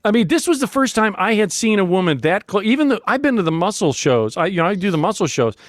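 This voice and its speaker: A man's voice: sits high, very animated, quick pace, no echo, clean studio sound. A man hosting a podcast, telling a rambling comic story and laughing often at himself. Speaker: podcast host. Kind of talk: casual comedic storytelling.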